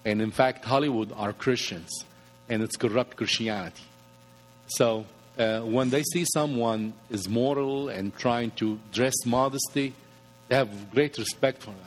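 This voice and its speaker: A man's voice: mid-range voice, unhurried. A man, a guest speaker, giving practical advice in a plainspoken way with slightly nonstandard grammar. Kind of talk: conversational advice. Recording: reverberant room.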